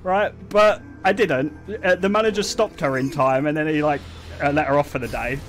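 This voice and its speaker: A young man telling stories to his stream chat in a casual, animated way, swearing and laughing often. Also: fairly high pitch, moderate pace, over music.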